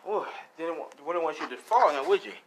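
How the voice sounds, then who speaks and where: A man's voice: fairly high pitch, animated, moderate pace, slight background noise, close to an everyday voice. A man doing a breezy girl with a tail and ears. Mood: friendly. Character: friendly young woman with a tail and ears.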